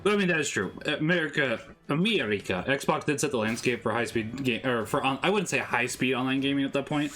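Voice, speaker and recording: A man's voice: mid-range voice, fast, few pauses, a bit bright, soft background music. A man co-hosting a casual game stream, chatting and answering viewers' comments. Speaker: streamer co-host. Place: home streaming setup.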